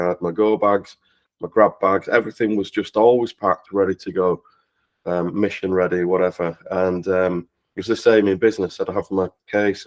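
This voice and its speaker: A guest speaker on a charity talkathon livestream tells a casual personal anecdote, laughing throughout and often restarting or stumbling over his sentences. His voice sits on the low side with a darkish tone, and the recording is rough.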